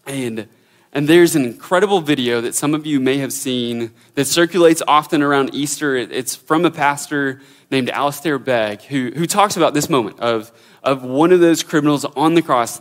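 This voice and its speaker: A man's voice: medium pitch, normal speed. A man preaching a sermon as a pastor, earnest and searching for words, often repeating himself.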